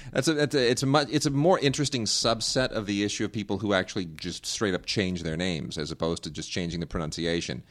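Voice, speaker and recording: A male co-host chats casually and spins anecdotes with animation. He doubles up words as he goes and acts out pronunciations. His voice sits on the lower side. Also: fast talker, hardly any pauses. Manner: animated storyteller, repeats words, mimics pronunciations. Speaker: podcast co-host. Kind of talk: casual chat.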